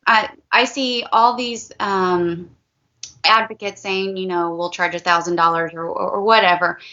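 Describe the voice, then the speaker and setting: A woman's voice: medium pitch, steady tone, unhurried, pushed and bright, lo-fi sound. A woman, a parent of a child with special needs, talking in an interview in an earnest, heartfelt way and repeating herself for emphasis. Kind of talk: emotional testimonial interview.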